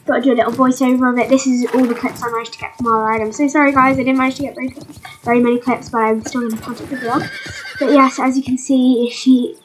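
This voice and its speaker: A woman who is sick and sounds croaky, rambling through a casual vlog voiceover with lots of fillers. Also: high voice, fairly even intonation, fast, a little hiss or hum, low-quality recording. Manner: rambling, full of "but yeah" and "um". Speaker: vlogger.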